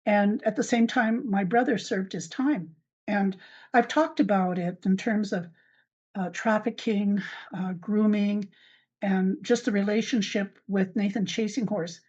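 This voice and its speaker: An older woman hosting her own podcast, telling a personal account in a halting way with many fillers and restarts. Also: medium pitch, fairly even intonation, a little mellow. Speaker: podcast host. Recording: dull lo-fi recording.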